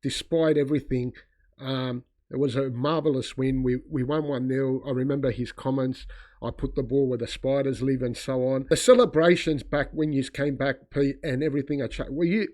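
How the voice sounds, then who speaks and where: A man hosting a casual sports interview, chipping in with quick affirmations and questions. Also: medium pitch, steady tone, darkish tone. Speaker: interview host.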